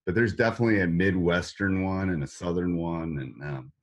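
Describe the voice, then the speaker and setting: A man with a Wisconsin accent hosts a casual podcast interview. His voice sits very low, and he rambles, doubling words and restarting sentences as he goes. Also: fairly quick. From Wisconsin, USA. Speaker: podcast host.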